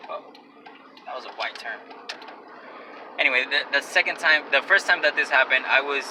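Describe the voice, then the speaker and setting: Young male vlogger, mid-pitch, rambling and awkward, recorded from a distance in a car with loud road noise. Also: normal speed. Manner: rambling, self-conscious, often restarts. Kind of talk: casual vlog rant. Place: in a car while driving. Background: car and traffic noise.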